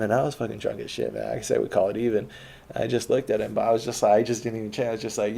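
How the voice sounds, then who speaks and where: A man's voice: fairly low pitch, steady tone, fast talker, creaky, mellow. A young man telling a rambling, profane personal story in a laid-back, meandering way. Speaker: autobiographical podcaster.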